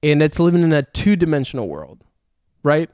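A man's voice: on the high side, very animated, brisk, a little mellow, dry recording, clean studio sound. A young man telling a long story in casual chat, swearing often and laughing as he goes.

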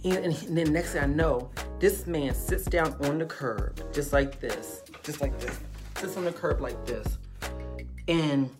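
A woman telling a personal story in a casual, animated way, calling the listener baby and honey. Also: deep voice, a little slow, music in the background.

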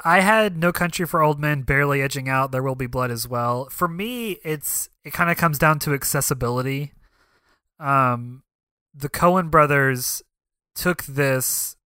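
A man's voice: mid-range voice, bright, forceful tone, clean tone, dry recording, studio quality. A man co-hosting a podcast, talking casually about films with frequent "um" fillers. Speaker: podcast co-host. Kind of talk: casual film discussion.

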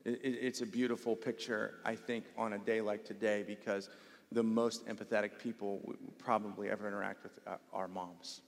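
A male pastor preaching a sermon in a church, emphatic and swinging between loud stresses and hushed passages, repeating words for weight. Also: lowish voice, level tone, brisk. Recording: long hall reverb.

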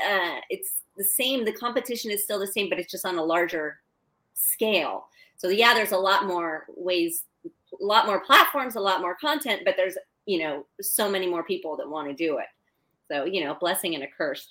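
A woman's voice: on the low side, normal speed, fairly bright tone. Middle-aged woman hosting, chatty and casual. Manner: chatty, fillers like "you know" and "like". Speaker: podcast host. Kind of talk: casual chat.

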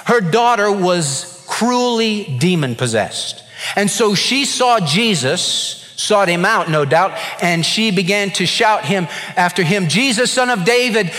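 A man preaching a sermon as a pastor, swinging from hushed to loud as he acts out voices from Bible stories. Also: sits high, expressive, slow pace. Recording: long reverb of a large hall.

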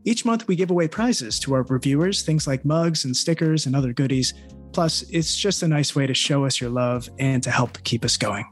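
A man's voice: medium pitch, normal speed, breathy edge, soft background music. A man co-hosting a podcast, asking a guest questions and thanking listeners in a friendly way. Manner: friendly, encouraging. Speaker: podcast co-host.

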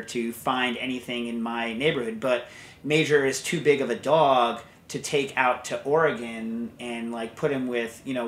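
A man's voice: mid-range voice, fairly bright tone, slight background noise. A man hosting a podcast, chatting casually and reading out a listener question, rambling with many fillers and restarts. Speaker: podcast host; reads listener questions aloud. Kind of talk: casual chat.

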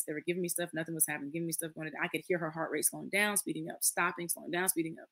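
A woman's voice: low voice, steady tone, rapid-fire, hardly any pauses, fairly bright tone, husky. A woman in her late thirties, a podcast guest, telling a personal story in casual conversation, earnest and acting out the voices of others. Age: late 30s.

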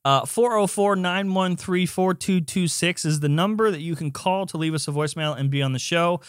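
Excitable young guy on a podcast. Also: high-pitched, normal speed, clear, resonant tone, no echo, clean studio sound. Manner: excitable, voice jumps up when emphatic. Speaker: podcast co-host. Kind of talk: casual chat. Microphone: close podcast mic, dry.

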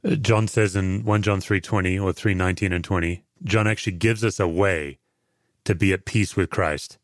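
An Australian man with a very deep voice gives thoughtful, earnest answers as a pastor being interviewed. The sound is dry and close. He speaks in a measured way, telling stories. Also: steady tone, no room sound. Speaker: guest, pastor and former chaplain.

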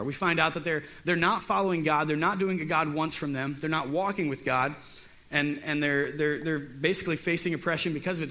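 A man's voice: fairly high pitch, a bit bright. Chatty, joking youth pastor, a man. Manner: chatty and joking, often repeats words. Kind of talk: casual Bible lesson.

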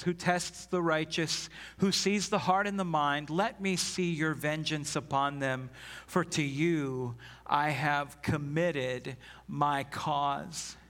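A male pastor preaching an earnest, emphatic sermon with an unhurried, deliberate pace. His voice sits a little higher than most men's, and he reads scripture aloud. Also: fairly bright tone.

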